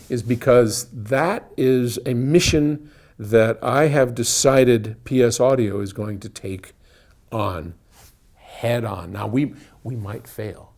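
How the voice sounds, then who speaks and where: A man explains things casually in an indoor room, speaking at an ordinary middle pitch. His talk is conversational and loose, full of restarts and repeated words. A single room microphone picks him up. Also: darkish tone. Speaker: audio company head answering viewer questions. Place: indoor room, moving toward and away from a wall.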